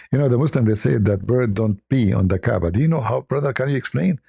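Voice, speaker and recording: Gravelly, husky-voiced male stream host. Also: mid-range voice, lively intonation, brisk, dark tone, dry recording, clean studio sound. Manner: chatty, laughs at his own stories. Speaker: livestream host. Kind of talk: casual live-stream chat.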